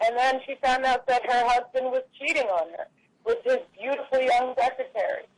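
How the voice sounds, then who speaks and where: A woman telling a run of jokes at a small comedy show, in a loose, halting storytelling style. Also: sits high, steady tone, dry recording, poor audio. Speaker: stand-up comic. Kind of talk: telling jokes at an open mic.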